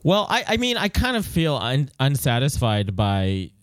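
A man's voice: medium pitch, wildly swooping pitch, unhurried, dry recording, clean studio sound. A man talking casually about a film, rambling with frequent restarts. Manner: rambling, restarts often, lots of "like". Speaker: podcast co-host.

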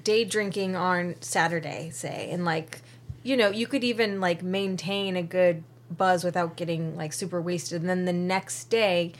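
A woman co-hosting a casual podcast, relaxed and quick to agree. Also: fairly low pitch. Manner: relaxed, chiming in with short agreements. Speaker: podcast co-host.

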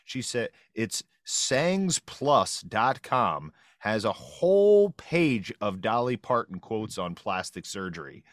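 A man co-hosting a podcast, chatting casually in a relaxed way. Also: on the low side, takes it slowly, few pauses, dry recording, clean studio sound. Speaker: podcast co-host. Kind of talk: casual chat.

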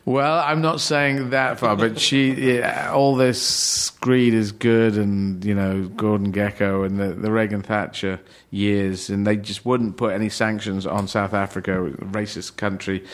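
Rambling, animated man in conversation. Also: on the low side, moderate pace, hardly any pauses. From Yemen. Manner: rambling, animated, many restarts; acts out other people in raised voices. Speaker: comedian. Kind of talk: casual chat.

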